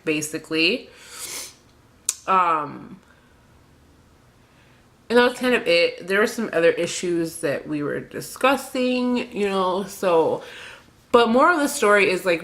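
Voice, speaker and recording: A woman's voice: on the low side, fairly bright tone. Hesitant young woman, emotional vlog confession. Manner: hesitant and rambling, many fillers and restarts. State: emotional, near tears. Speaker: beauty vlogger.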